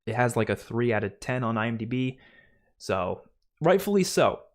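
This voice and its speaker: A man's voice: mid-range voice, sing-song, normal speed. A young adult man hosting a livestream, ranting casually and exasperated, with heavy use of "like" and frequent restarts. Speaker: livestream host.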